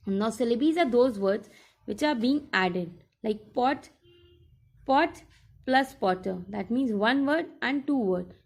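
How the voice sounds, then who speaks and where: Woman teacher, recorded lesson, slow deliberate delivery, repeats each instruction, fairly high voice.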